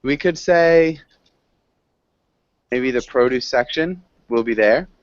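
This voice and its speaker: A man teaching an online English class, encouraging his students, laughing often and correcting them slowly. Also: medium pitch, highs cut off, slight background noise.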